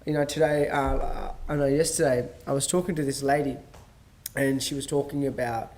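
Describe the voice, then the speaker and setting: A man's voice: medium pitch, little pitch movement, moderate pace, darkish tone. Rambling man telling a story. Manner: rambling, with many fillers and restarts; tells stories by acting out dialogue. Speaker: podcast host. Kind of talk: casual monologue.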